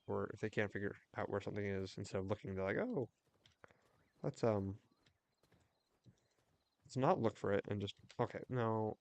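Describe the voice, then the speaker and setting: A young man chatting casually while livestreaming a game, telling a rambling story with quick restarts. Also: fairly low pitch, vocal fry. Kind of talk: casual chat while gaming.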